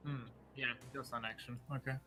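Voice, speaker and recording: A man playing a tabletop game, halting and searching for words as he describes his moves. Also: medium pitch, little pitch movement, sharp tone, faint music behind. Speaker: player. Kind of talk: casual tabletop play.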